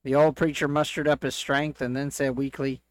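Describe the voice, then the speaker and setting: A man reading church jokes aloud as a co-host, in a steady storytelling delivery. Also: medium pitch, moderate pace, no room sound.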